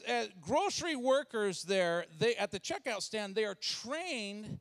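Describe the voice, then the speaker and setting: This comedian and speaker from Washington State, in his forties, has a high voice and talks a little slowly, barely pausing. He gives a humorous church talk, telling animated stories and acting out the voices.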